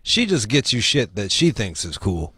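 A man hosting a casual talk show, telling stories in a profane, animated way. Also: on the low side, normal speed, breathy edge, no echo. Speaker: show host. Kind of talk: casual podcast chat.

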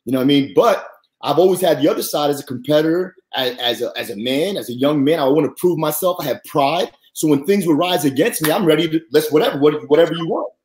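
Male guest, higher voice, earnest faith testimony, lively and heartfelt. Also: quick pace. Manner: earnest, animated, rises high when quoting. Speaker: podcast guest. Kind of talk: faith-centered personal testimony.

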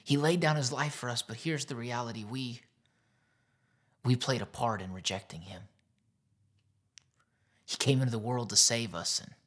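A male pastor preaching a sermon that retells a Bible story. He is earnest and often drops to a soft near-whisper. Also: on the low side, slightly rough.

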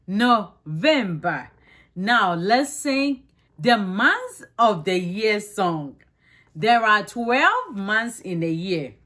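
A woman teaching a preschool circle-time lesson, coaxing children to repeat after her with slow, exaggerated letter sounds. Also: mid-range voice, sing-song, bright, forceful tone.

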